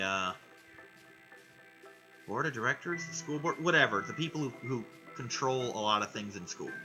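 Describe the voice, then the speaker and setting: In a bright, forceful mid-range voice, a man vlogs an excited, rambling, casual rundown of a cartoon episode, swearing along the way. Music plays behind him, and the recording quality is low.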